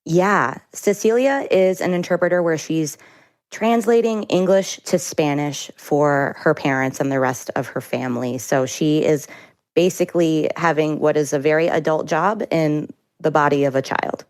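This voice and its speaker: A woman's voice: low-pitched, steady tone, moderate pace. A woman author answering interview questions in a friendly, explanatory way. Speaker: author guest. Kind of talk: radio interview.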